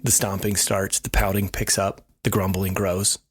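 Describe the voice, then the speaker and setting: A man's voice: sits low, level tone, normal speed, breathy edge. A man co-hosting a podcast, telling a self-deprecating story in a wry, casual way. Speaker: podcast co-host.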